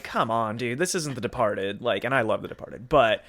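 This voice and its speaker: A man's voice: mid-range voice, moderate pace, few pauses, a bit bright. A man co-hosting a podcast, chatting casually about a film, laughing often and recapping details. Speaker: podcast co-host. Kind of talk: casual chat.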